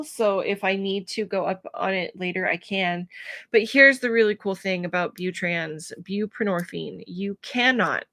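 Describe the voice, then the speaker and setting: Woman vlogger, close dry mic, open and emotional, halting speech with fillers. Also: medium pitch, fairly bright tone, no room sound. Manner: emotional, searching for words, many pauses and fillers. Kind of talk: personal vlog talking to camera.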